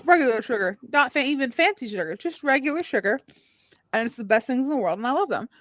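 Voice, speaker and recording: Tipsy, foul-mouthed young woman from Maine; animated delivery on a dry, muffled stream mic. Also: sits high, fast, no echo. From Maine, USA. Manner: boisterous, swearing, laughing often. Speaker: guest co-streamer. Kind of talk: casual live-stream chat. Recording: dull lo-fi stream audio.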